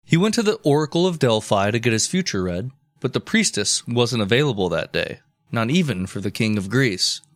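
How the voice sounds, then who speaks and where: Podcast co-host, man, deadpan comic history narrator, dry close mic. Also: medium pitch, a little fast, dry recording.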